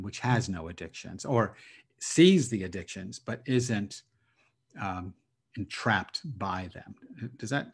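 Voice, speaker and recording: A rabbi speaking as a guest on a video call, reflective and hesitant, laughing often between thoughts. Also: male voice, on the low side, husky. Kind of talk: casual spiritual talk over video call.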